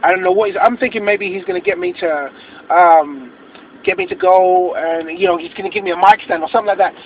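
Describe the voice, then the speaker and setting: A man telling an animated story from the passenger side of a car, acting out quotes and restarting his sentences as he goes. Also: high voice, brisk, gravelly. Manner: excitable, acts out quotes, many restarts. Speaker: interviewee. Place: inside a moving car. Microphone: phone. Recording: muffled phone recording with road noise.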